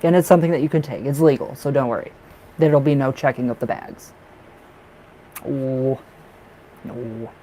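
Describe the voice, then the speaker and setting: A man doing a live tarot reading, chatty and excitable, who laughs often and fills his talk with restarts. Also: medium pitch, moderate pace, long pauses, slight background noise, poor audio. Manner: chatty, with many fillers and restarts. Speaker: tarot reader.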